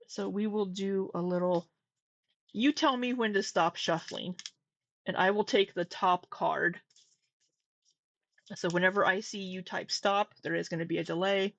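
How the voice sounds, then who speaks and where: A woman hosts a casual livestream of commentary, speaking candidly in a mid-range voice, swearing now and then and growing exasperated. The sound is lo-fi, with no echo.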